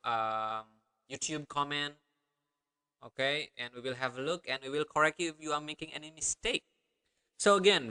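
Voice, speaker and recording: Upbeat male language tutor with a high, crisp, smooth voice; repeats phrases slowly for learners. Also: bright, forceful tone. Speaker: language teacher. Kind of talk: online language lesson.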